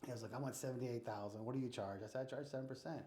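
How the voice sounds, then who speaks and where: A man's voice: medium pitch, very fast. An American man telling stories in a casual interview and acting out the dialogue as he goes. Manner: animated storyteller acting out dialogue. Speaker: real estate investor guest. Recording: roomy echo.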